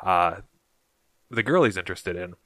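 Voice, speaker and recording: A man co-hosting a casual movie podcast, talking in a relaxed way with frequent ums. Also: low voice, normal speed, no room sound. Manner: relaxed, hesitant with many ums. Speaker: podcast co-host. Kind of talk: casual chat.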